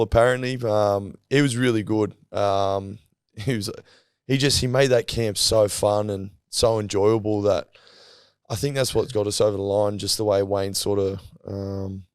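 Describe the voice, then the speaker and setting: Low-voiced Australian man, laid-back yarns. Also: darkish tone, clean tone, dry recording, studio quality. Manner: laid-back storytelling, swears, laughs mid-sentence. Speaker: podcast guest, rugby league player. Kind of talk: casual chat. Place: podcast studio.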